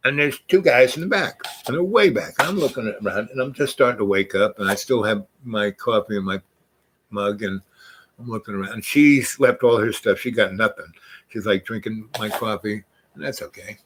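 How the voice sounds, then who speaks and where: A man's voice: lowish voice, normal speed, a little hiss or hum. Rambling older man telling a story. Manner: rambling, animated, acts out voices in quotes. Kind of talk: casual spoken storytelling.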